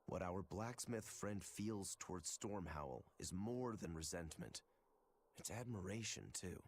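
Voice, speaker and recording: An actor playing a brooding male demon swordsman in a game, speaking in a gruff, matter-of-fact way. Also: deep voice, lively intonation, measured pace, a little hiss or hum. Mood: earnest.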